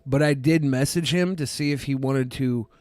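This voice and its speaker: Laughing podcast co-host, dry mic. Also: male voice, medium pitch, moderate pace, darkish tone, smooth, no echo. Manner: laughs easily, plugs patron perks. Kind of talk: casual podcast banter.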